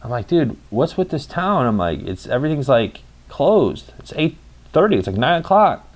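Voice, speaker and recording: A man's voice: a little high, very animated, normal speed. Rambling, profane young man telling a story. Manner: rambling, profane, acts out quoted dialogue. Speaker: vlogger. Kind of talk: casual storytelling.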